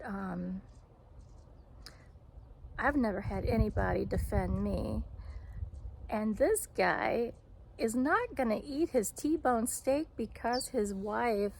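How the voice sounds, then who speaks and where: A woman's voice: a little high, gravelly, a little mellow, a little hiss or hum. A woman who works as a restaurant server, chatting candidly through a storytime vlog outdoors in the shade. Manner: chatty, candid retelling with fillers. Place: outdoors, sitting in the shade on a hot day.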